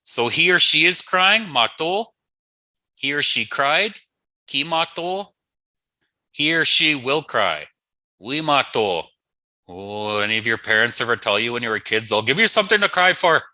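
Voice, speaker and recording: A male teacher walks through a language lesson at an unhurried pace, repeating each new word twice and tossing in playful asides. His voice is bright and lively, swinging up and down, and the recording is dry and close. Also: medium pitch, dry recording, rough recording.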